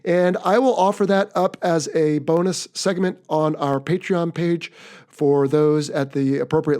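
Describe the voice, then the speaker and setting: A man with an American accent hosting a podcast in a relaxed, chatty, upbeat way. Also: on the high side. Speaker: podcast host. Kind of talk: casual podcast chat.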